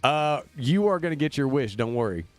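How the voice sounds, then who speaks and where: A man's voice: medium pitch, expressive, fairly quick, no room sound. A man from Indiana, a band member booking a tour, chatting casually and upbeat on a livestream, rambling with plenty of fillers. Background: faint demo music looping.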